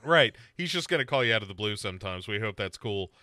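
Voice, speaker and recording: Lively, bright-voiced male podcast co-host. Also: lowish voice, quick pace, no room sound. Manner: jokey, acts out characters in silly voices. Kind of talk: casual comedic recap chat.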